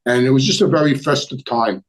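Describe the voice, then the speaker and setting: A man's voice: medium pitch, a little fast, low-quality recording. A middle-aged man, hosting a casual live stream from his home, telling stories and answering viewer questions in a blunt, rambling way that repeats words. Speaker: host. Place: home with a Christmas tree.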